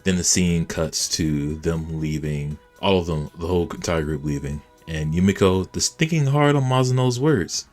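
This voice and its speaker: A man casually recapping an anime episode, animated and reacting as he retells the scenes. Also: deep voice, moderate pace, few pauses, faint music behind. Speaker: anime reviewer.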